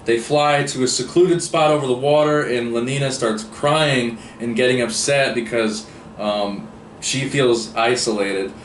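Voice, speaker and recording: Mid-pitched man, casual rambling book reviewer; distant mic, echoey room. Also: fairly even intonation, measured pace. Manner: rambling, many fillers and restarts. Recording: roomy echo, distant mic, faint hiss.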